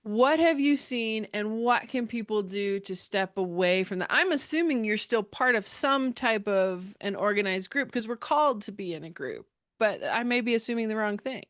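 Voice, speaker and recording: A woman hosting a faith podcast, affirming her guest and asking quick follow-up questions. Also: medium pitch, expressive, fairly bright tone, dry recording, studio quality. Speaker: podcast host. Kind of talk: interview conversation.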